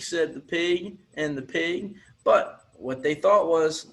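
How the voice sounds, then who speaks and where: A man's voice: a little high, lively intonation, measured pace, few pauses. A man teaching physical education, reading a picture book aloud and coaching children through movement breaks in an upbeat, encouraging way.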